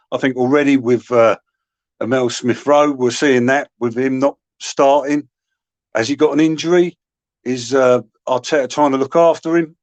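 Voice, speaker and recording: A man's voice: medium pitch, no room sound. A man giving earnest football opinions on a call, with hesitant fillers. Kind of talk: casual football chat.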